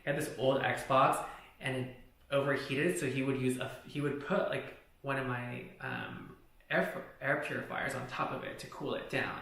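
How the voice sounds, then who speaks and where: A man's voice: medium pitch, fairly even intonation, moderate pace, a bit bright. A young man telling a personal story in a vlog, blunt and candid, with plenty of profanity. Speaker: vlogger. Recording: very echoey room.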